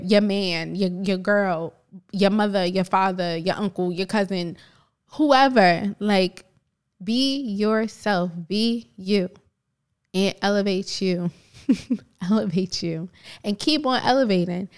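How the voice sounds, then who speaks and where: A New Jersey woman co-hosts a podcast, sharing personal stories in a casual, motivational way with a mid-range voice. She laughs often and acts out the other voices in her tales.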